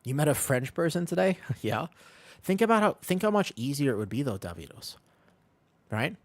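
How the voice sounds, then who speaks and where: A man's voice: a little high, big pitch swings, moderate pace, no echo. A man streaming a game, chatting casually with his chat, joking and answering questions.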